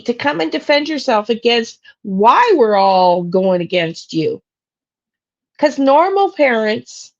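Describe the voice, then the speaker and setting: A woman's voice: fairly high pitch, muffled recording. A woman hosting a true crime channel, ranting bluntly and angrily with plenty of profanity on a live stream. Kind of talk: live-stream soapbox rant.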